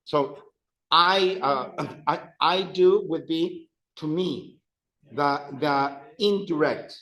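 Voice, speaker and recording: A man leading an adult Spanish class, speaking slowly and deliberately. His voice sits a little high for a man, and he repeats each word patiently so his students can practice it. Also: fairly bright tone, rough recording. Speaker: Spanish teacher. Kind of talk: adult evening class teaching.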